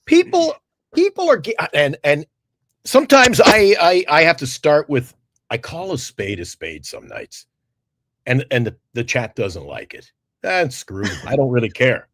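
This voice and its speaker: A man hosting a sports talk show, exasperated and animated, with crude asides. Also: a little high, measured pace, dry recording, clean studio sound. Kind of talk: heated casual sports talk.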